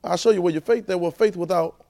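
Male preacher, high voice, animated, repetitive, rhetorical questions, church class. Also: fast talker. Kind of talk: sermon. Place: church training center.

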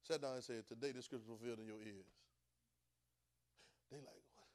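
Dialect-speaking preacher swinging from soft to loud. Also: male voice, mid-range voice, fairly even intonation, brisk. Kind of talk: sermon.

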